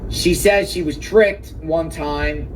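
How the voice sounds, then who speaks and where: A man delivers live reaction commentary outdoors, slowly and emphatically, repeating every point for effect. His voice sits a little high. The mic is some way off, and faint outdoor noise and passing vehicles sit behind him. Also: far from the mic.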